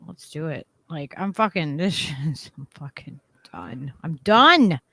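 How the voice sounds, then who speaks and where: A woman's voice: low voice, sing-song, measured pace, sharp tone, no echo. Casual, chatty woman host. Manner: casual, frequent "like", swears freely. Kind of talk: casual chat.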